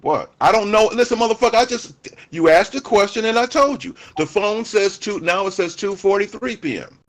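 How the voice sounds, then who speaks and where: Brief: high-pitched man, combative and foul-mouthed, stubborn in debate. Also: expressive, a little fast. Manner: profane, insistent, repeats himself. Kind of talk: heated casual argument.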